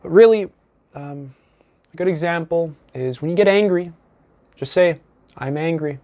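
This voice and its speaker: A man coaching viewers in a calm, deliberate teaching talk. His voice sits slightly higher than most men's. He is earnest, repeats his main phrases, and drops in easy fillers as he goes. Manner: casual fillers like "you know". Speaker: self-improvement coach. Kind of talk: teaching monologue to camera.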